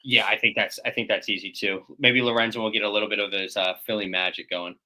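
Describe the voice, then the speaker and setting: A man's voice: lowish voice, fairly even intonation, fast, bright, forceful tone, low-quality recording. A man co-hosting a morning baseball show, reeling off player stats in easygoing banter. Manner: reads stats, laid-back banter. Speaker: co-host. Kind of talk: casual sports talk.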